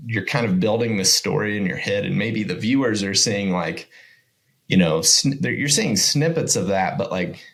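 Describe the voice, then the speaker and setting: Guest spot: deep-voiced man, laid-back rambling talker, filler-heavy. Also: moderate pace. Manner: rambling, relaxed, many fillers like "you know" and "kind of". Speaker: podcast guest. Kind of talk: casual chat.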